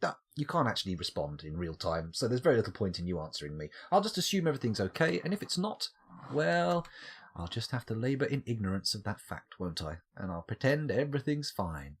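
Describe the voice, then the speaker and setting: A man's voice: fairly low pitch, big pitch swings, brisk, breathy edge. A man rambling and joking to himself as he streams a game. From United Kingdom. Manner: rambling, jokey, talks to himself. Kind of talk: casual gameplay commentary.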